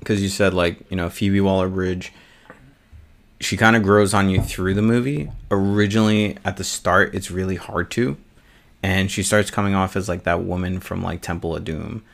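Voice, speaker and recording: A man with a very low voice chats casually on a movie podcast. He rambles along with plenty of fillers, recorded in a small studio. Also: steady tone, moderate pace, gravelly. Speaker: podcast co-host. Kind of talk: casual chat.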